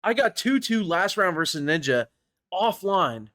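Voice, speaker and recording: A man's voice: sits high, sing-song, a little slow, fairly bright tone. A young man casually commenting over his own tournament footage, rambling and self-critical, swearing and laughing at his mistakes. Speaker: gaming YouTuber reviewing his own tournament match.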